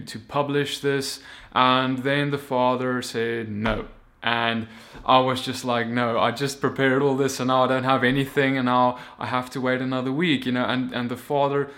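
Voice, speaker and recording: A man giving a casual, earnest sermon who climbs from quiet talk to loud, impassioned stretches, often restarting his phrases. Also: mid-range voice. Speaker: teacher of the weekly Torah portion.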